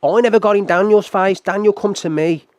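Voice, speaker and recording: A man's voice: high voice, brisk, smooth, no echo. A man arguing heatedly in casual chat, stumbling and repeating words as he retells a confrontation.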